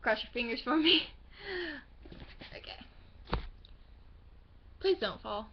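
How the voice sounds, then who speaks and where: Gushing high-voiced young woman. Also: slow pace, lo-fi sound, a little hiss or hum. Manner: gushing, excitable, swears casually. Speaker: book vlogger. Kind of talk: casual book haul chat.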